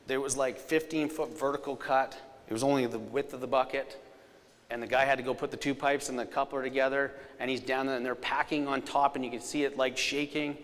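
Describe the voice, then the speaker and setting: A man giving a live storytelling safety presentation, energetic, with loud punchlines and quiet, serious asides. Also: mid-range voice. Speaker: safety speaker. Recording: long hall reverb.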